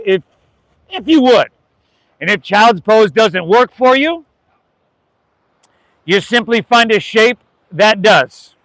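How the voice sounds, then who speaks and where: A man with an American accent leading a live outdoor yoga class, relaxed and encouraging, calling the students "y'all". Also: high voice, takes it slowly, pauses often, dry recording, rough recording. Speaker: yoga instructor.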